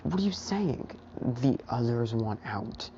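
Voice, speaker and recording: A worried father questions his son gently, voiced by a woman. The voice is low and mellow, and the recording is dull and lo-fi. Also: lively intonation, takes it slowly, a little hiss or hum, exaggerated voice. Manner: concerned questioning. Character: worried adult father figure.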